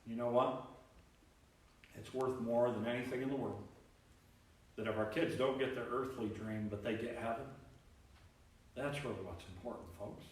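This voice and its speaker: Man, pastor, animated sermon, acts out voices, heavy church echo, distant mic. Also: medium pitch, moderate pace, long pauses. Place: church sanctuary.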